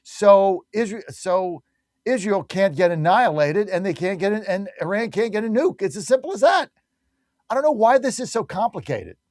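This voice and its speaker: High-voiced combative male radio host. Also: animated, normal speed, darkish tone, no room sound, clean studio sound. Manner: combative, emphatic ranting with repeated rhetorical questions. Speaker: radio talk show host. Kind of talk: opinionated talk radio monologue.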